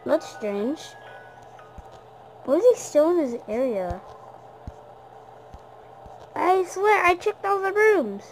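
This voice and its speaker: A woman giving jumpy, exclaiming commentary while playing a horror game, often yelling at the characters. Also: very high voice, sing-song, slow pace, pauses often, soft background music, low-quality recording. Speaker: gamer.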